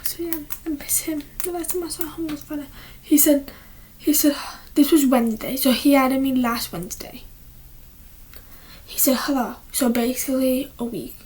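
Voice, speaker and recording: A woman's voice: high-pitched, moderate pace, darkish tone. A teenage girl chatting casually at home, rambling with many restarts and often dropping to a whisper. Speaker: vlogger. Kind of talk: casual chat. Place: at home, indoors.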